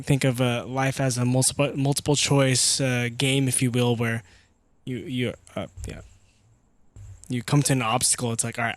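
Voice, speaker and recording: A young man co-hosting a podcast, talking haltingly with many restarts. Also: medium pitch, dry recording. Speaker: band member, podcast co-host. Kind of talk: casual chat.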